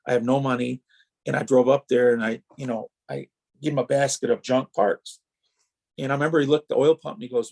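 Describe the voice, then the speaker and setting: On a storytelling podcast interview, a Wisconsin man who raced for years wanders through anecdotes, restarting often and quoting others' dialogue. He has a mid-range voice with vocal fry, a darkish tone and slight roughness.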